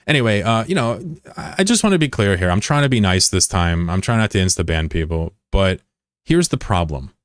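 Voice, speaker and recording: Blunt, profane American streamer, low dry voice. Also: male voice, lively intonation, brisk, no echo. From United States. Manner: blunt and profane, often swearing; argumentative when answering critics. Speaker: livestreamer. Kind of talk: casual livestream chat with viewers.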